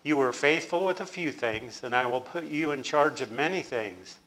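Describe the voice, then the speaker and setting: Stern master judging his servants, read plainly by a male teacher, slow and emphatic. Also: mid-range voice, lively intonation, a bit bright, natural voice, rough recording. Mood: approving. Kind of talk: scripture reading.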